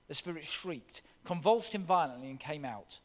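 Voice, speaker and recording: A man preaching a sermon with expressive, dramatic scripture reading in a church. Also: fairly high pitch, normal speed. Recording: long reverb of a large hall.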